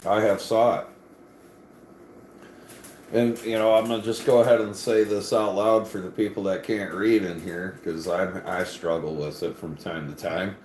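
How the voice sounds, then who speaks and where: A man's voice: deep voice, fairly even intonation, normal speed, a little mellow, a little hiss or hum. Crude, joking man in an echoey room. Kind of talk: casual chat to viewers.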